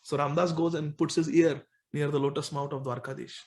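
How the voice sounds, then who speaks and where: High-voiced man telling a sacred story. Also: brisk. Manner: animated, chuckling storyteller. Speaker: spiritual speaker. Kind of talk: storytelling talk.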